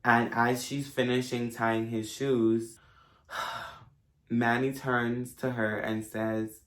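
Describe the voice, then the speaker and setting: A man's voice: mid-range voice, flat delivery, very slow, a bit bright. A man reviewing a movie for his viewers in a casual, gushing, emotional way. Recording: roomy echo.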